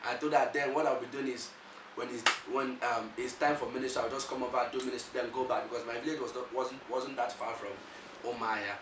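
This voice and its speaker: A Nigerian-accented male preacher tells his story with lively, animated energy, stumbling and repeating words as he goes. His voice sits at an ordinary middle pitch and is picked up from a distance in a reverberant room, with a faint hiss of background noise underneath. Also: fairly quick. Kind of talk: motivational testimony. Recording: echoey room, voice from far off.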